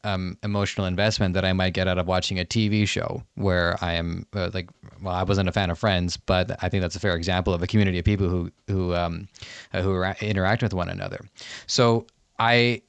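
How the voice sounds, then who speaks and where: A male podcast host with a deep, resonant voice talks through his ideas in a reflective, measured way. The sound is dry and close, with no room around it. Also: fairly even intonation, clean tone, no room sound. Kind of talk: podcast interview conversation.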